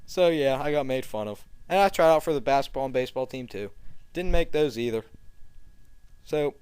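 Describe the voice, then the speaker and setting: A young man telling a comedic story in a cocky, deadpan bragging manner. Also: mid-range voice, moderate pace, smooth, dry recording. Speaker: comedic vlogger.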